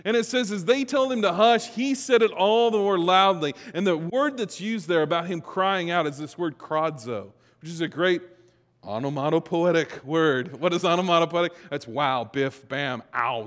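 A man preaching a conversational sermon, moving between quiet reflective passages and louder emphatic stretches. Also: sits high, measured pace. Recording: long hall reverb.

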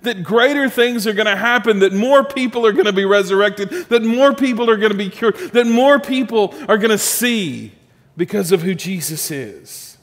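A male pastor preaching a sermon, telling a story with rising emphasis and then dropping soft and low. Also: animated, moderate pace, in a large hall.

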